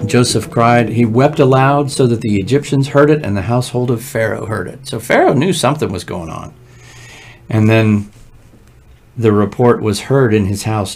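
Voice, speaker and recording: Male pastor, mid-pitched, reading and explaining scripture in a casual, lively way. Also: slight background noise. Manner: conversational, lively asides, frequent "right?" check-ins. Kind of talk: morning prayer Bible reading and commentary. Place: church.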